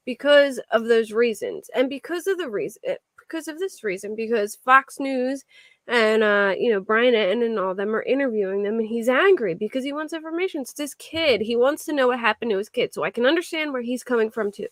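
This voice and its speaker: A woman's voice: a little high, expressive, normal speed, a bit bright, no room sound, clean studio sound. A woman hosting a true crime livestream, chatting casually with viewers in a rambling way, full of restarts. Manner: rambling, restarts and filler words. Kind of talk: casual chat reacting to viewer comments.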